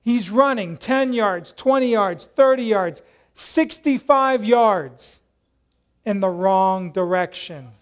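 A man preaching a sermon, telling a story with lively acted-out quotes and dropping to a soft, prayerful tone. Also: high voice, slow. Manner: animated storyteller, acts out quoted voices loudly, drops to soft prayerful tone. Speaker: pastor.

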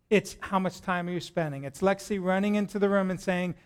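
A middle-aged man preaching a sermon to a congregation in a church, lively and joking as he talks to them directly. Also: sits high, fast, hardly any pauses. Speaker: pastor.

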